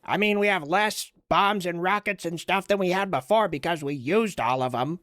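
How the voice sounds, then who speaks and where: A man co-hosting a podcast, trading crude, offensive jokes in a blunt, deadpan way. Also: high voice, normal speed, no room sound, clean studio sound. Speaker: podcast co-host. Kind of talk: crude comedic banter.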